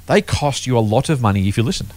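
A man, hosting a casual investing podcast chat, emphatic and lively. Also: medium pitch. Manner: animated, emphatic, quick-talking. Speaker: podcast host.

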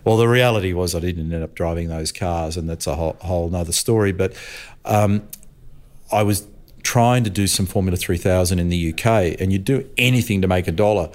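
Man, Australian accent, older, storytelling, chatty, low pitch. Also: fairly quick, a little mellow. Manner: chatty, laughs, acts out voices in stories. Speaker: motorsport commentator, interview guest. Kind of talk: anecdotal storytelling.

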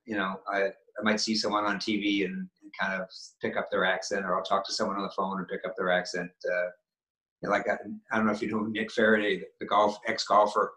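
A middle-aged man with a Maine accent talks in a halting, restarting way. His voice is forceful and bright. It is recorded with a roomy echo. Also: fairly low pitch, little pitch movement. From Maine, USA. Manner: halting, many restarts and fillers. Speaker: guest actor. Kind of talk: casual interview chat.

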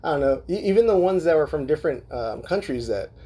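Male podcast host from Southern California, husky voice, casual and profane, lots of fillers. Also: fairly high pitch, lively intonation, quick pace, mellow. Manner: loose and profane, full of fillers, laughs often. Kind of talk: casual podcast chat reading listener emails.

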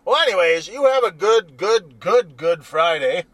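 A man's voice: high-pitched, animated, measured pace, a bit bright, dry recording. A man rambling and joking irreverently in a casual monologue from his car. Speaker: vlogger. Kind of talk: casual monologue while driving.

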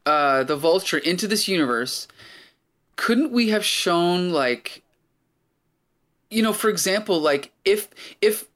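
A man's voice: high voice, animated, slow pace, long pauses, a bit bright. A man hosting a casual chat, rambling and thinking aloud with many restarts.

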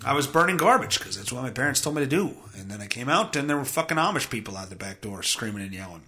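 A man's voice: medium pitch, animated, fast, sharp tone, echoey room. A male podcast host reading news stories aloud and mocking them with sarcastic, profane commentary. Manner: sarcastic, swears often, mocks the stories he reads.

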